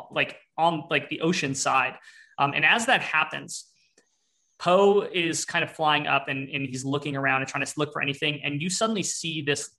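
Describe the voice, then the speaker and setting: A man's voice: fairly high pitch, pushed and bright. A young man narrating a tabletop game as game master, rambling with many fillers and restarts.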